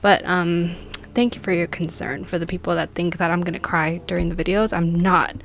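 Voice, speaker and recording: A young woman hosting a paranormal channel, chatting casually and reading an article aloud, her voice wavering and breathy. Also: lowish voice, steady tone, brisk, a little hiss or hum. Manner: chatty, self-joking.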